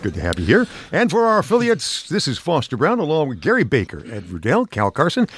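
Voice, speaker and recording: A man's voice: on the high side, wildly swooping pitch, a little fast, fairly bright tone. A man co-hosting and producing a talk radio show, with an upbeat announcer delivery. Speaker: co-host and producer.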